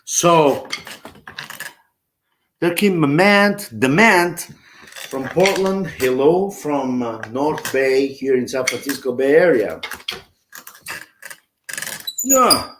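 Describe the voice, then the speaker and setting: A man's voice: fairly high pitch, lively intonation, extremely slow, long pauses, a bit bright, a little hiss or hum. A man giving a casual online drum lesson, chatting and scatting drum patterns aloud. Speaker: drum teacher. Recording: roomy, with drumming behind.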